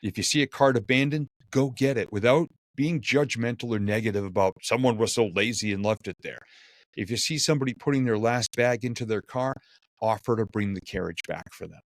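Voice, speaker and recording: A man, a keynote speaker, telling lively stories in a podcast conversation and acting out the quotes. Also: mid-range voice, a little fast, dry recording, studio quality. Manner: animated, acts out quotes and jokes.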